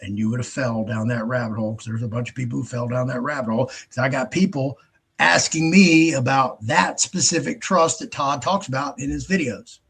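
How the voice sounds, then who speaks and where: A man's voice: medium pitch, a little fast, gravelly, fairly bright tone, husky. A man hosting his own show in a casual, rambling monologue, blunt and heavy on profanity. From United States. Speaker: host.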